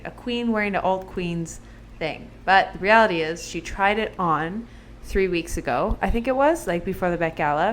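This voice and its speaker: A woman's voice: fairly low pitch, a little hiss or hum. Chatty woman podcast co-host. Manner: chatty, lots of "like" fillers, laughs often. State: recovering from surgery, still on medication. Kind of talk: casual chat.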